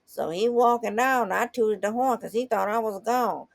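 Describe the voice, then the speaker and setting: A woman telling a comedy story with an animated, folksy manner. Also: a little high, normal speed, vocal fry, no echo.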